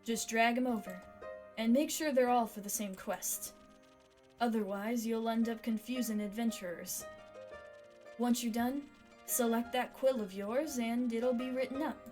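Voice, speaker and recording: A woman's voice: on the high side, a little slow, a little mellow, soft background music, lightly acted. A woman reading the lines of a blunt, cynical lone-wolf adventurer woman from a fantasy tavern game, with a drifting Southern accent and a curt, terse delivery. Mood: gruff.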